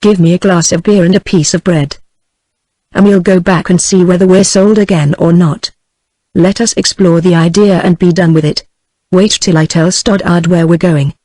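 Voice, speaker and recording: A woman's voice: on the low side, normal speed, dry recording, natural voice. A text-to-speech woman's voice with a British English accent, reading the lines of a mocking, easygoing Irish man without changing her voice. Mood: teasing. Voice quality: flat synthetic delivery.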